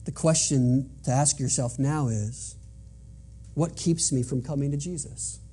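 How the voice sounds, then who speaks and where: A man's voice: mid-range voice, a little slow, dark tone, breathy edge. A man preaching a sermon in an earnest, emphatic way, driving points home by repeating them. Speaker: pastor.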